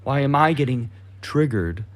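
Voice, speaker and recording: A young man holds forth on a casual podcast, his voice sitting at an ordinary middle pitch. He rants with heat and frequent swearing, sometimes slipping into mocking voices to make fun of his targets. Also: normal speed. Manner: profane, heated, mocking voices mid-rant. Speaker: podcast co-host.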